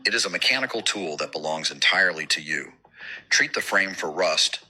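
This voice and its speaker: A man's voice: low-pitched, animated, bright, forceful tone, slightly rough, low-quality recording. A man reading a scripted voice-over about an old truck in short, firm sentences. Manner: measured, declarative, short punchy sentences.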